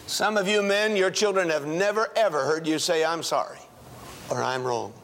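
An older male pastor preaching a sermon to a congregation, telling a personal story and acting out the dialogue, swinging from hushed tones to shouting. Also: on the high side, normal speed. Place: church, before a congregation.

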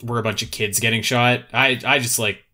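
Bright-voiced man in casual podcast chat. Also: mid-range voice, brisk. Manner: animated, swears freely, laughs often. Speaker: podcast co-host.

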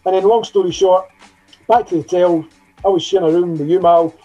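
Quick man, high and mellow voice, dull recording with faint music. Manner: rapid, restarts a lot. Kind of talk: casual storytelling chat.

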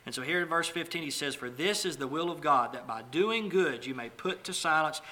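A man's voice: fairly high pitch, a little fast, bright, forceful tone. A man preaching a sermon in a conversational way, telling stories with small restarts and asides.

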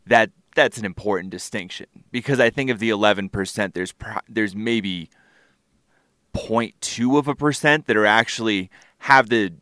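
A co-host with a fairly low voice makes his points in a measured, analytical way. The sound is dry and close-miked. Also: fairly bright tone, no echo. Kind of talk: casual chat.

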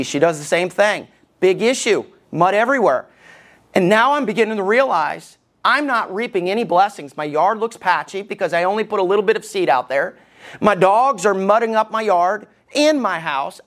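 A man's voice: sits high, fairly bright tone. Male pastor preaching, chatty and sarcastic, keeps asking the room if they follow him. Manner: conversational, joking, checks in with the congregation. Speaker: lead pastor. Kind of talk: sermon.

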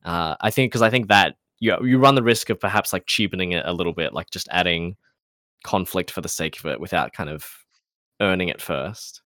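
A man co-hosting a podcast in casual chat, speaking in a measured, hedging way full of qualifiers. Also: low-pitched, sharp tone, no room sound, clean studio sound. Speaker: podcast co-host.

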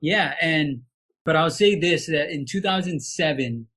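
A man from Hawaii in his late thirties tells a personal story on a podcast. His voice sits a bit high, and he speaks with heartfelt sincerity, often restarting his sentences. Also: lively intonation, measured pace, fairly bright tone, slightly rough. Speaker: sportscaster guest. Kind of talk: casual podcast interview.

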